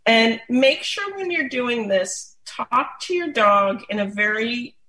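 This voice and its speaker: A woman explaining dog massage in a relaxed, chatty way, with many fillers and restarts. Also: a little high, takes it slowly. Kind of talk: casual instructional talk. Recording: roomy echo.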